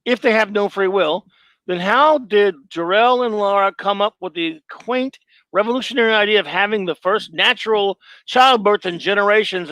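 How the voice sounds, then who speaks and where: A man's voice: sits high, pushed and bright, dry recording, low-quality recording. A man hosting a live stream, reading his own film review aloud in a sarcastic, rambling, self-mocking way.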